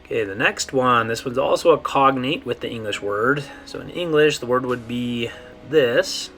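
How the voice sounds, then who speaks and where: A man teaching a pronunciation lesson, saying each model word slowly and checking in often with the class. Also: medium pitch, pushed and bright, faint music behind. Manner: slow, drawn-out model words with frequent "okay?" checks. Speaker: Spanish teacher.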